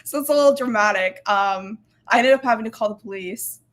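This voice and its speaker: A woman's voice: fairly high pitch, fairly quick. A woman co-hosting a casual writing livestream, playful and laughing often. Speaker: co-host and writer.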